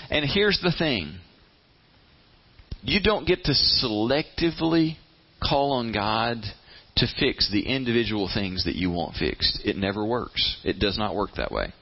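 A man's voice: medium pitch, animated, a little slow, slightly rough. A man preaching a conversational sermon in a plain-spoken way, often repeating words as he goes and acting out people's inner voices. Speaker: pastor. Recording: slightly muffled, lo-fi.

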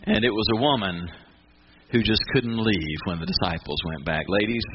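A man's voice: fairly low pitch, highs cut off, slight background noise. A man preaching a sermon, retelling a story with rising fervor and voicing the people in it. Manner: builds to near-shouting fervor, acts out voices of angels and Mary. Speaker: pastor.

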